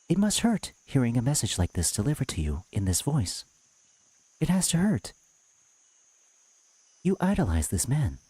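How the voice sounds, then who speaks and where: A streamer doing a sarcastic, condescending impression of another creator, taunting a viewer in chat. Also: male voice, medium pitch, dark tone, husky, no echo.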